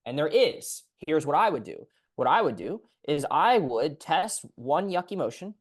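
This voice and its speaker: Male PT coach on a call, animated, acts out client lines. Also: a little high, moderate pace. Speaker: physical therapist coach.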